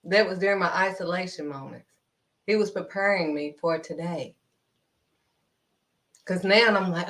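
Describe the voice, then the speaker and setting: A woman preaching in a livestream sermon, animated and calling listeners honey. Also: lowish voice, normal speed, long pauses.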